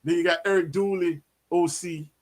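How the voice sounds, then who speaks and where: A man, hosting a casual live sports Q&A, animated and slangy, often tagging on "you know what I'm saying". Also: high voice, normal speed. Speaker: sports talk host.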